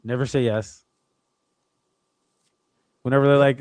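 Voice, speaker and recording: Podcast guy, kinda high voice, cusses a ton, animated storytelling, dry sound. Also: fairly quick, no echo. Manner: profane, animated storytelling, acts out calls. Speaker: podcast co-host. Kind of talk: casual chat.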